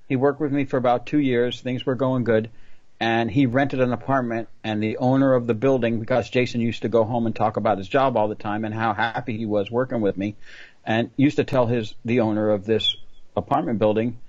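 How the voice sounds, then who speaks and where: A man's voice: medium pitch, fairly even intonation, brisk, darkish tone, dry recording. A man hosting a podcast, telling a long anecdote in casual chat and keeps saying "long story short". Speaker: podcast host. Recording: dull lo-fi, dry sound.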